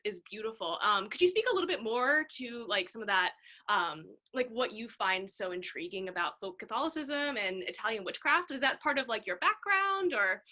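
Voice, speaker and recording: A woman interviewer with a fairly high, bright, lively-edged voice, chatting in a bubbly way, full of fillers and quick to poke fun at herself. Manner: bubbly, filler-heavy, self-deprecating. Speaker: podcast host. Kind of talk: casual interview chat.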